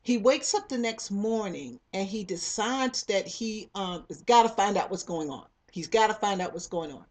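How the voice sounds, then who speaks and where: A woman's voice: mid-range voice, normal speed, few pauses, darkish tone. A woman casually retelling the plot of a novel, rambling with many fillers and restarts and briefly acting out the characters' lines. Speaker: book club reader retelling a novel. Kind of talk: casual spoken story retelling.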